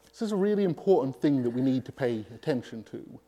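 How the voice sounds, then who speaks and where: A man preaching a sermon, emphatic and pausing deliberately between phrases. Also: medium pitch, expressive, dark tone, slightly rough.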